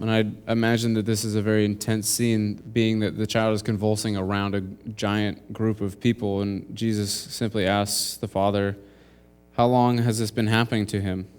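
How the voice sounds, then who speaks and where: Young guy giving a sermon in church, smooth low voice, walks through the verses earnestly. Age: young adult. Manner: earnest, explains verses step by step. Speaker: intern preacher. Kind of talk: sermon with scripture reading.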